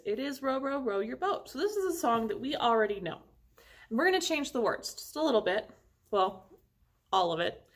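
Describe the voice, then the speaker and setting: A woman with a fairly high pitch and fairly bright tone leads young children through an online music lesson. She talks slowly and encouragingly and sings short phrases accompanied by an instrument.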